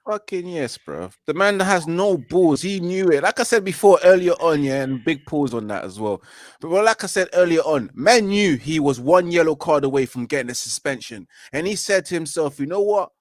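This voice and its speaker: A man's voice: on the high side, lively intonation, moderate pace, no room sound, studio quality. A man, debating football in a casual fan chat over a video call, emphatic and repetitive. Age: 30s. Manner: emphatic, repeats "you know" and "man". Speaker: football fan show co-host.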